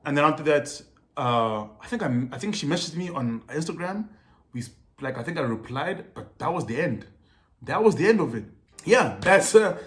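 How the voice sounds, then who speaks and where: A young South African man telling a personal story to camera in a casual, animated way, heavy on slang and repeated phrases. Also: medium pitch. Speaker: storytelling vlogger. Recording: roomy echo with faint music.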